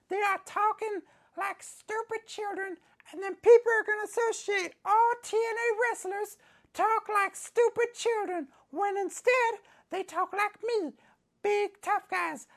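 Woman voicing a squeaky furious tough-guy wrestler. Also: fairly bright tone, full character voice. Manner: ranting, repeats lines, slow heavy emphasis. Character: angry boastful male tough-guy wrestler. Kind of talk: comedy sketch interview.

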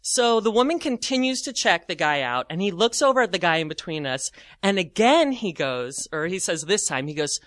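A man telling a comic personal anecdote, animated and self-mocking, with lots of "like" fillers. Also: high voice, normal speed, dry recording. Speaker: storyteller.

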